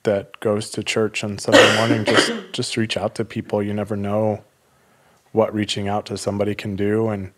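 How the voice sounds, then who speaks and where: A man guest on a church podcast, giving advice in casual talk with a hesitant, halting manner and many restarts. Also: fairly low pitch, monotone, heavy background noise. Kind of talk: casual conversation.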